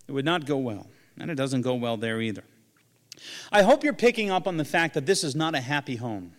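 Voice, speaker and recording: A pastor delivering a sermon with a slightly higher-pitched voice than most men. He talks in a conversational way, slips in jokes and acts out the lines he quotes. His voice carries a long reverb, as if filling a large hall. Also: a bit bright.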